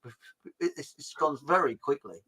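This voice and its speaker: A rambling man hosts a casual online chat show. His voice sits slightly high and comes across bright and forceful. He stumbles through restarts and fillers as he drifts from one thought to the next. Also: lively intonation, measured pace, slightly rough, low-quality recording. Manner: rambling, hesitant, full of ums and restarts. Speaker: host.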